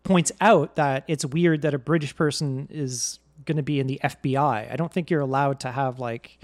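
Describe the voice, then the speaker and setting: A man co-hosting a podcast, talking casually and laughing often, with quick asides. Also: mid-range voice, fairly even intonation. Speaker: podcast co-host. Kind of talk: casual chat.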